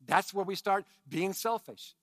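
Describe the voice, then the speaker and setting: A man preaching a sermon with emphatic swings from hushed tones to shouting and chatty asides to his congregation. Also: high-pitched, lively intonation, measured pace, no echo. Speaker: pastor.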